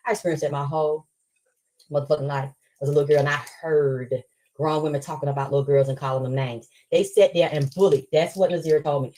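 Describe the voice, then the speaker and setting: A woman's voice: low voice, steady tone, quick pace, warm tone, low-quality recording. A woman telling a story in an angry, profane live stream rant.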